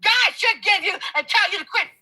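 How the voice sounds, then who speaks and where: A woman arguing in a heated livestream debate, swearing constantly, angry and talking over the other person, often bursting into shouts. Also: very high voice, fairly quick, rough recording. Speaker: guest in a live debate.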